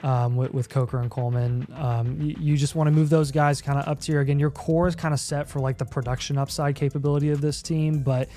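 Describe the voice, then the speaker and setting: A man's voice: fairly high pitch, level tone, brisk, hardly any pauses, warm tone. A man co-hosting a podcast, casually running down lists and recapping advice in a methodical way. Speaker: podcast co-host. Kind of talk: casual fantasy football advice chat.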